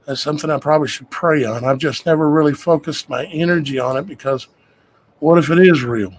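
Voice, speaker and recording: Man host, folksy and meandering, pitched a bit high. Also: a little fast, slight background noise, rough recording. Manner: rambling, conversational, folksy with "y'all guys". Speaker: show host. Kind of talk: casual talk to viewers.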